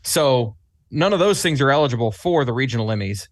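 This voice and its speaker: Man, podcast guest, animated storyteller, casual chat, dry close sound. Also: mid-range voice, a little fast, no room sound. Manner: animated storyteller who acts out his own quotes. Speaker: podcast guest, club staffer.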